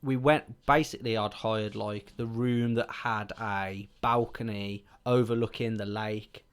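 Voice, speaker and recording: A man with a British accent hosting a podcast, telling a rambling, animated story and swearing constantly. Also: lowish voice, measured pace, smooth. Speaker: podcast host. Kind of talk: casual storytelling chat.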